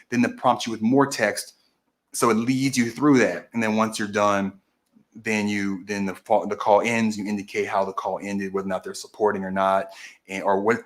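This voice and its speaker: A man with a fairly low voice hosts his own stream and explains a process one step at a time. He talks casually and restarts and corrects himself often as he goes. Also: fairly bright tone. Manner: explains methodically, with frequent restarts and self-corrections. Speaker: host of a political stream. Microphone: camera video recording.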